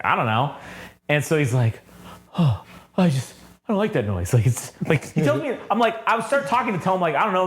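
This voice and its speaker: A man co-hosting a podcast, telling a casual story in an animated way, swearing often and saying "like" a lot. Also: on the high side. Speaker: podcast co-host. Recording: echoey room.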